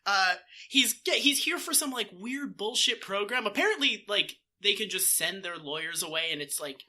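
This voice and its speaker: A man co-hosting a podcast in casual chat, animated and swearing, slipping into mock voices. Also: high voice, normal speed. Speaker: podcast co-host.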